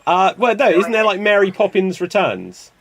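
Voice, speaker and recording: A man hosting an improv stream, with a fairly high voice and lively, swooping delivery. He keeps things brisk and jokey. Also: creaky, crowd noise. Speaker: improv show host.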